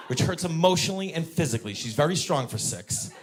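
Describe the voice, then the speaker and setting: A man in his thirties doing stand-up about his kids, telling it deadpan and jumping into high shrill voices for them. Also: quick pace, few pauses. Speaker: stand-up comedian. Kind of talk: stand-up comedy. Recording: live club show with faint crowd noise.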